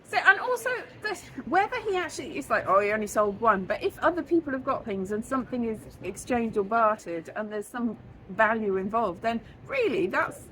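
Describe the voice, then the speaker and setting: A woman interviewing a stage performer, chatting casually and reacting often with quick agreement and lively opinions. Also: on the high side, slight background noise, low-quality recording.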